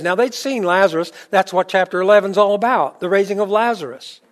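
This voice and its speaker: A man preaching with a fairly high voice. He talks to the congregation in a conversational way, builds to loud, emphatic points, then sinks to a quiet, low delivery. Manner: rising to emphatic peaks, then dropping low and soft; conversational, with fillers and restarts. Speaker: pastor. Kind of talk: sermon.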